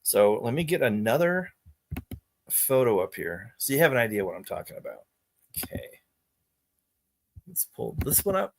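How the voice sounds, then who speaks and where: A man vlogging straight to his viewers in a loose, rambling monologue. He sounds exasperated and conspiratorial, and he keeps circling back over his own sentences. His voice sits at an ordinary middle pitch. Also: sing-song, moderate pace, vocal fry, long pauses. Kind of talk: casual monologue to camera.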